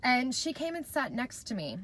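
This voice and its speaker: A woman's voice: sits high, sing-song, moderate pace, a bit bright, slight background noise. A woman in her thirties, a mom vlogger, telling a personal story to camera in a chatty, heartfelt way and speaking straight to her viewers.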